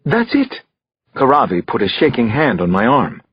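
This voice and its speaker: A male narrator reads a thriller with an expressive delivery, and his pitch rises and falls a lot. His voice has a husky grain. The recording is dry, close and a little dull. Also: fairly quick, no room sound. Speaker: audiobook narrator.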